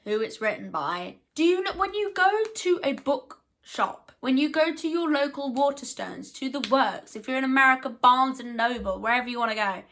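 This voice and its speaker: A young woman, a book vlogger, talks casually to her camera in a slightly high, expressive, somewhat bright voice. She's chatty and self-deprecating, constantly slipping in quick, defensive asides.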